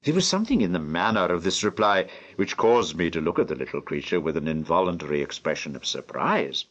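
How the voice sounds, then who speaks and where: An older man from England narrates a classic novel in a slow, deliberate, measured way. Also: low-pitched, dull audio. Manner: slow, deliberate, lively phrasing. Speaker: audiobook narrator.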